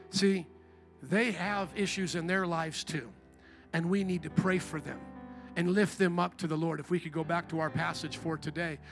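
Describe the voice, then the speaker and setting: A middle-aged pastor preaching in church, full of playful, animated storytelling. His voice sits high and sounds bright and gravelly. Soft instrumental music runs faintly beneath the sermon. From Indiana.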